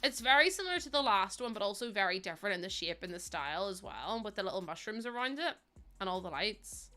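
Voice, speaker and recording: A woman's voice: medium pitch, big pitch swings, fast talker, pushed and bright, faint music behind. A young woman, streaming a game and chatting casually with her viewers, teasing them and laughing often. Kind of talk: casual live-stream chat.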